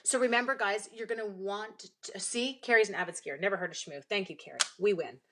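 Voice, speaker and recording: A woman's voice: mid-range voice, fairly quick, noisy background. A young woman from Canada chatting casually as she demonstrates card making, rambling and reading viewer comments aloud, with a recurring cough. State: bouts of coughing. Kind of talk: casual live craft stream.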